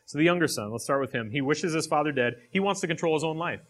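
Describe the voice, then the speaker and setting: A man's voice: fairly high pitch, animated, quick pace. A man reading a passage aloud and then preaching on it, with direct questions to a live audience. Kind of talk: sermon.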